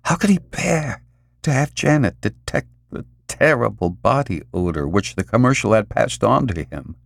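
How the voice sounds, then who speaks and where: Male audiobook narrator, measured, with dramatic pauses, very lively pitch, dry close recording. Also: creaky, no echo. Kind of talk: scripted narration.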